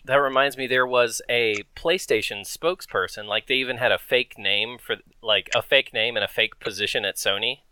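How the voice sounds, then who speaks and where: A man tells rambling stories in a casual podcast chat, full of fillers and restarts. His voice is bright and close, with a dry sound. His pitch sits in the middle of the male range. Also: normal speed, hardly any pauses, clean tone, dry recording. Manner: rambling storyteller, lots of fillers. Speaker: podcast co-host.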